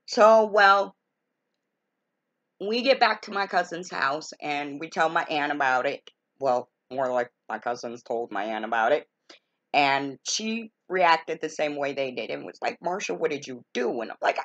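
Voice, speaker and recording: A woman with a fairly low voice tells a story from her own life, casual and folksy. She sounds exasperated and uses colorful expressions. The recording is dull and lo-fi. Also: moderate pace. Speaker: storytelling vlogger.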